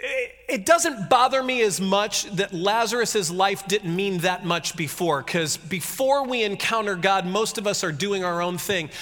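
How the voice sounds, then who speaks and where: A man giving a casual, conversational sermon, retelling a scripture story with jokey asides and animated reading. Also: sits high, measured pace, big-room sound. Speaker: pastor.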